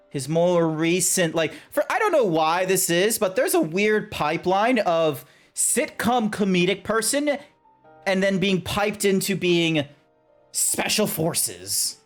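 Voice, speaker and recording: A man chatting casually to his stream chat as a game streamer, animated and joking. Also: high-pitched. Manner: animated, chatty, talks to chat, frequent laughs and restarts.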